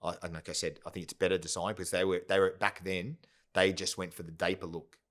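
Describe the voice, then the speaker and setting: A man's voice: sits low, little pitch movement, quick pace, fairly bright tone. A man, a company founder telling his story in a casual interview, often checking in with "yeah?" and "right?". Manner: rambling, full of "yeah?" and "right?" tags. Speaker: podcast guest, company founder.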